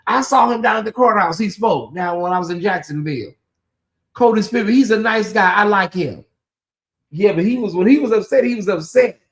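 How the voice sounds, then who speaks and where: A man hosting a casual late-night livestream, chatting about gossip and talking straight to his viewers in lively asides. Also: high-pitched, fairly quick. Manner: chatty, addresses viewers directly, animated asides. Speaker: livestream host.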